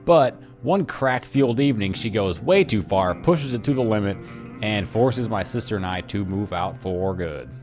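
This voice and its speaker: A young man casually telling a story from his own life, profane and animated. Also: fairly low pitch, normal speed, music in the background.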